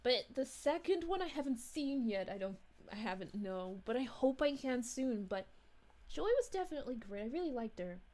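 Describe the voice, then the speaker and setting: A woman's voice: on the high side, big pitch swings, moderate pace, darkish tone. A woman voicing a cheerful, motherly space princess, reading live-stream chat in character with bubbly, giggly, gushing thanks.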